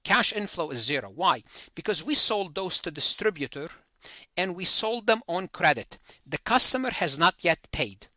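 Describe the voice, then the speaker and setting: A man's voice: high-pitched, big pitch swings, moderate pace, pushed and bright, dry recording. A man giving a recorded accounting lecture, thinking aloud, repeating and correcting himself as he works through figures.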